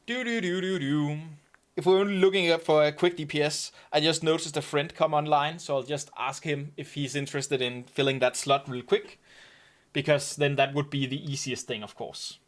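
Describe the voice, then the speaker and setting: A raid commander from Denmark talks his way through a game in a Danish-accented voice that is somewhat high and moves at normal speed. He's easygoing and chatty, thinking aloud as he leads the raid and offers casual commentary on the gameplay.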